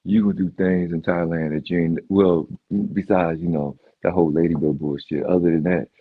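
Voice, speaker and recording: A man hosting a casual livestream chat. He is animated, repeats himself and dodges questions. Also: sits low, fairly quick, breathy edge, no room sound, narrow, tinny audio. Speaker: livestream host.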